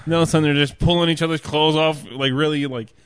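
A man's voice: on the high side, steady tone, clean tone, dry recording, clean studio sound. A man chatting casually on a podcast, telling rambling stories full of fillers and restarts. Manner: rambling, halting storytelling with frequent fillers and laughs. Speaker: podcast co-host. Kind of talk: casual chat.

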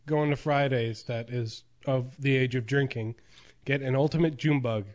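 A man's voice: mid-range voice, steady tone, normal speed, darkish tone. A young man hosting a casual podcast chat, playful and teasing, jumping into silly voices.

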